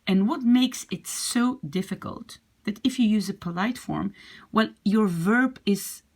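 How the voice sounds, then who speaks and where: Speaking in an unhurried, mid-range voice, a woman whose first language is French or Dutch explains French grammar in English. She teaches patiently, repeating examples of pronunciation.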